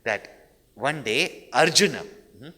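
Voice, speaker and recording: A spiritual teacher tells stories in a discourse, constantly checking in with listeners through questioning "hmm?" and "no?" tags. His mid-range voice is sharp in tone, lively in intonation, and unhurried. A long hall reverb surrounds the recording.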